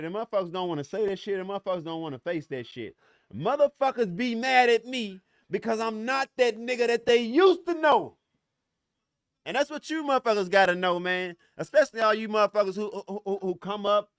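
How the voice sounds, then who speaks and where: A man's voice: sits high, fairly bright tone, clear, resonant tone, no echo, studio quality. A middle-aged man hosting a podcast, ranting in a profane, heated and confrontational way, often stumbling over restarts. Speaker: podcast host. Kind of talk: solo podcast rant.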